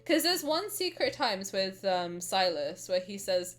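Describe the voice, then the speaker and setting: A chatty British woman streaming a game reaction, rambling freely and chatting with her viewers. Her voice sits at an ordinary middle pitch, and she laughs often between tangents. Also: animated, moderate pace, hardly any pauses, faint music behind. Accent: British English. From Britain. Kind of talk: casual reaction chat.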